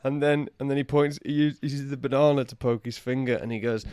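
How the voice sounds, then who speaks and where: A man's voice: medium pitch, fairly even intonation, fast talker, darkish tone, clear, resonant tone, dry recording, clean studio sound. Chatty man telling stories. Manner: chatty anecdote-telling, chuckling. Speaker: podcast co-host. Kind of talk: casual chat.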